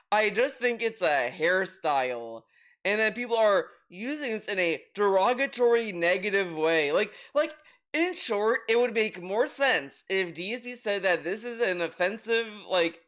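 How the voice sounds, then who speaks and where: Male reaction commentator, high voice, exasperated swearing rant. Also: fairly bright tone. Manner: exasperated, ranting with frequent restarts and swearing. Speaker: commentary youtuber.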